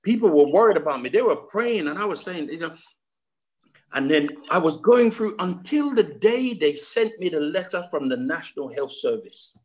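A man's voice: fairly high pitch, expressive, moderate pace. A man, preaching a sermon over a video call. He repeats words, builds emphasis and keeps asking the congregation questions. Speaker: pastor.

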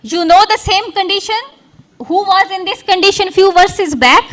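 A woman's voice: extremely high pitch, moderate pace, a bit bright. A woman preaching a sermon, retelling a parable and acting out its characters. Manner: acts out parable characters with props and volunteers.

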